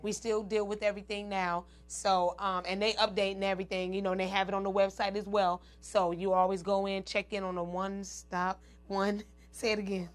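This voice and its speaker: A woman hosting her own show, talking loosely and chattily straight to her audience. She calls them "y'all" and "ladies" and breaks into laughter between thoughts. Her voice sits at an ordinary middle pitch. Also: flat delivery, normal speed, hardly any pauses. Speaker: show host. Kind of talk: casual chat to viewers.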